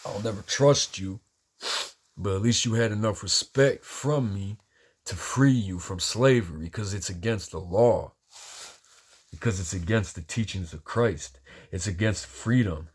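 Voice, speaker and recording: A man's voice: on the low side, a little slow, slightly rough. A man talking in a casual, rambling monologue, agitated and heavy on profanity.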